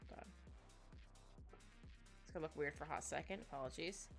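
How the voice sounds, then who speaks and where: A gravelly, low-voiced woman talks fairly quickly while drawing on a live stream. She's a digital artist whose casual chatter is rambling and giggly, sprinkled with little asides, and soft music plays underneath.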